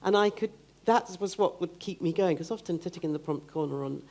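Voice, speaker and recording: A woman's voice: lowish voice, brisk, a little mellow. An older woman speaking at a book festival event, hesitant and often repeating words as she searches for them. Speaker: festival speaker, theatre producer and author. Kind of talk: live onstage conversation.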